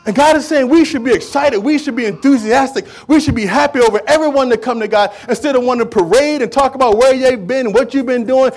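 A man's voice: very high voice, fast, hardly any pauses, darkish tone. A man preaching a sermon in an emphatic, repetitive way, with conversational, streetwise phrasing.

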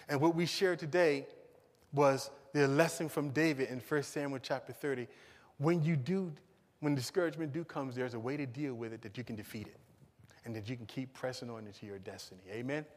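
A man preaching a sermon as pastor, with emphatic rises and low, quiet asides. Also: fairly quick, long reverb tail.

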